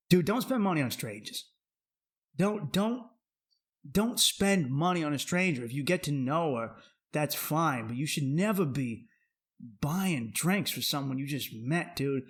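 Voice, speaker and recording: Brash, profane man ranting on a podcast. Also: on the high side. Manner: profane, brash and animated, swearing freely. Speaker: podcast host. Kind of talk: comedic podcast rant.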